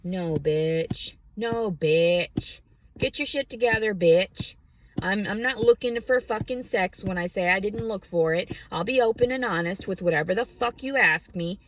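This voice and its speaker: A woman's voice: mid-range voice, animated, moderate pace, hardly any pauses, slight background noise. A woman vlogger ranting to camera about her life, blunt, heated and full of profanity. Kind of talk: angry personal rant to camera.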